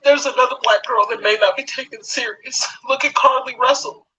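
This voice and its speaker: A woman's voice: high-pitched, fairly quick, bright, forceful tone, slight background noise. A mother speaking out in blunt, profane, confrontational direct address. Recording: dull lo-fi sound.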